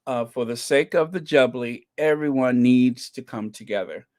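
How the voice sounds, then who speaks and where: A man reads viewer comments aloud while casually chatting on his podcast, with plenty of ums and uhs and phrases repeated for emphasis. He speaks at a normal speed in a mid-range, somewhat dark voice, and the studio recording is clean and dry.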